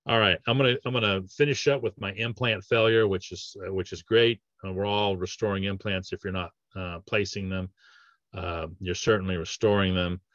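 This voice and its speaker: A man with a low, steady voice speaks at a normal speed, his tone a bit bright. He's a dentist walking through patient cases in a casual training webinar, conversational and full of fillers and restarts. The recording is dry and sounds dull.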